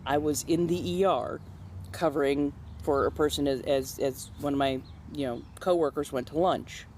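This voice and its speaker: A woman's voice: low voice, moderate pace, slight background noise. A young woman chatting casually with followers while doing her makeup, telling stories in a blunt, profane way and acting out the people she talks about. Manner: animated, acts out other people in quoted voices.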